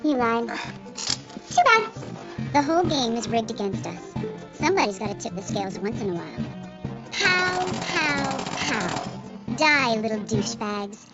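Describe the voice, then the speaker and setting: A woman's voice: on the high side, sing-song, a little slow, long pauses. An actress playing a mischievous woman who teases and punishes a man who harasses women, in a film. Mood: teasing. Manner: teasing, playful, taunting. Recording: dull film soundtrack with music.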